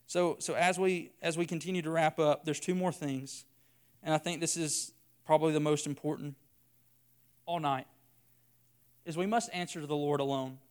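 A man's voice: a little high, steady tone, normal speed, long pauses, a little mellow, smooth. A man preaching a sermon in an earnest way, building his points by repeating phrases.

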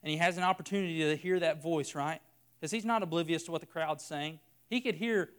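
Male preacher, earnest sermon delivery with repetition, smooth resonant tone. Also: high voice, brisk, fairly bright tone. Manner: earnest, builds by repeating phrases.

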